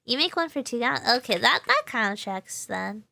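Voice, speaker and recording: A woman's voice: fairly high pitch, very animated, moderate pace, gravelly, pushed and bright. A woman with a Texas accent chatting casually on a live stream. She laughs often, answers chat and restarts her sentences, and her nose is a little stuffy. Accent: Texan. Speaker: VTuber streamer.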